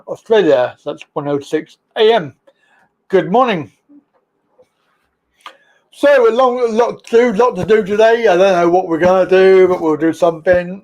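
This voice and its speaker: A high-voiced man chats on his live stream at a slow, easy pace. He jokes and laughs as he goes. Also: a little mellow. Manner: jokey, chatty, laughs often, slow drawl. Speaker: livestream host. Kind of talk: casual live-stream chat.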